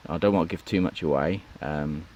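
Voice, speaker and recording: A man's voice: extremely low pitch, a little fast, a little mellow, lo-fi sound. A man giving a rambling, chatty tour of his allotment outdoors, full of ums and asides. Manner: rambling, chatty, lots of ums and "you know what I mean". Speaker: allotment vlogger. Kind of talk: casual walk-and-talk vlog.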